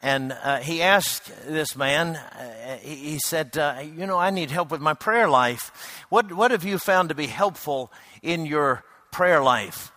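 Guy giving a sermon, bright voice, pretty high pitched, kinda hesitant and thoughtful. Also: animated. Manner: reflective, unhurried, with hesitant restarts. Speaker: preacher.

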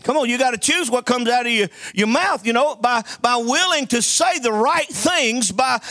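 A man's voice: very high-pitched, lively intonation, normal speed, sharp tone, no room sound, clean studio sound. A man preaching a sermon, telling folksy stories and calling for amens from the congregation. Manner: call-and-response preaching, folksy storytelling.

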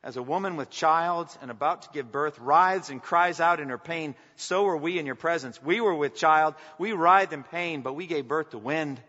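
A pastor with a slightly high, bright voice preaches forcefully at a moderate pace with few pauses. His passionate sermon climbs to emphatic peaks whenever he reads scripture. The sound is dull, with long hall reverb.

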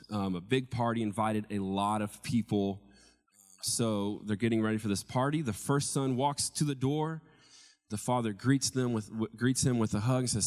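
A man's voice: fairly low pitch, darkish tone. A man preaching a conversational sermon, telling a parable and repeating key phrases for emphasis. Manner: tells a parable, quoting each figure in his own voice.

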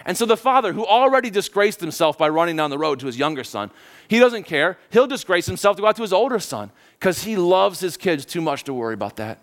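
Conversational male preacher, higher voice. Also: fast. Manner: conversational, animated, asks questions. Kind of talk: sermon storytelling.

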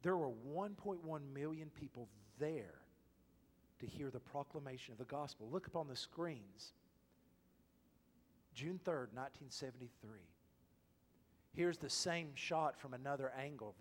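A male pastor preaching a sermon, swinging from loud, emphatic exhortation to hushed whispers. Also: mid-range voice, expressive, a little slow. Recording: long reverb of a large hall.

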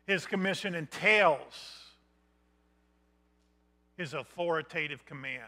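A middle-aged man preaching a missions sermon, building emphatic points that rise to loud declarations. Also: a little high, slow pace.

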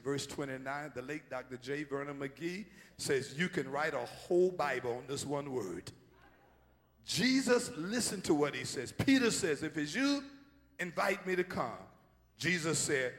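A male pastor preaching a sermon, swinging from hushed asides to shouted call-and-response. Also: mid-range voice, expressive, moderate pace. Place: church sanctuary. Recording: long hall reverb.

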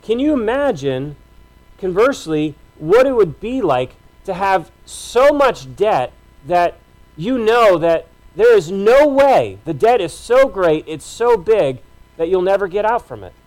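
A pastor with an unusually high male voice, big pitch swings and a slightly mellow tone preaches a little slowly from the pulpit. Addressing the congregation conversationally and emphatically, he piles on short repeated phrases, heard through poor audio.

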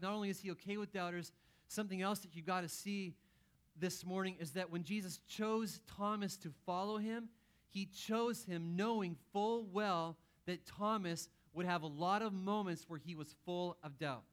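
A man preaching a conversational sermon, acting out quotes with playful asides. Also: high-pitched. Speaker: pastor.

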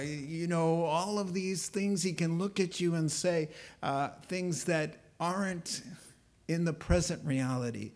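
Slow-talking animated male preacher. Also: a little high. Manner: animated, acts out biblical dialogue with sarcasm. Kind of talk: sermon.

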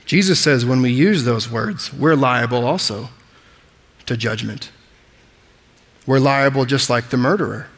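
A man's voice: mid-range voice, unhurried, pauses often, fairly bright tone, long reverb tail. A man preaching a sermon with emphatic delivery, explaining scripture word by word. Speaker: pastor.

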